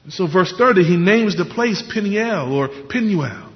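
A man's voice: high voice, lively intonation, moderate pace. Preaching man in an echoing hall. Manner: earnest, explanatory preaching with rhetorical questions. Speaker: pastor. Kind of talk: sermon. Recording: muffled sound with long hall reverb.

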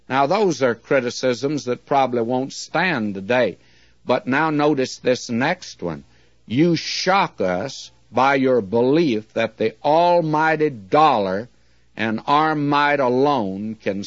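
Man, sermon, slow deliberate delivery, emphatic, muffled dry recording. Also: mid-range voice, lively intonation, dry recording. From United States. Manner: measured, earnest preaching with slow emphatic readings. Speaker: preacher.

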